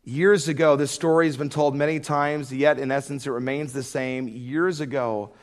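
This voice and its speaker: A man's voice: mid-range voice, fairly even intonation, moderate pace, hardly any pauses. A middle-aged man preaching a sermon, telling a folksy story and rising to fervent emphasis on prayer. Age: middle-aged or older.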